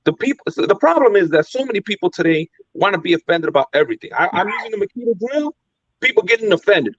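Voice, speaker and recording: A man's voice: sits high, big pitch swings, fast talker, a bit bright, dry recording, muffled recording. Blunt, stammering American man. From United States. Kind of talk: casual chat.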